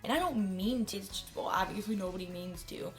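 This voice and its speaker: A young woman vlogging casually about herself, candid and self-deprecating, swearing freely and rambling with quick asides. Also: mid-range voice, soft background music. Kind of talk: casual talking-head vlog.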